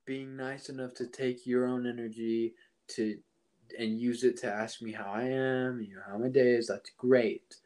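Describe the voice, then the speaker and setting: A young man co-hosting a podcast in casual chat, animated and jokey, venting and laughing. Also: mid-range voice, moderate pace. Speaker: podcast co-host.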